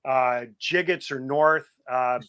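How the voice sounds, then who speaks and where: A man who is a guest sports broadcaster, chatting casually and telling lively anecdotes while imitating old colleagues. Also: medium pitch, slow, clean tone. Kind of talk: casual reminiscing chat.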